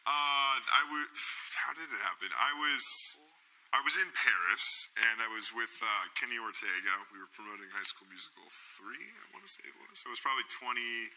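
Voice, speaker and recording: A man's voice: medium pitch, a little fast, sharp tone, low-quality recording. A man in his thirties, a talk show guest, telling a rambling, self-mocking anecdote full of fillers and restarts in a TV studio. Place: TV studio with audience.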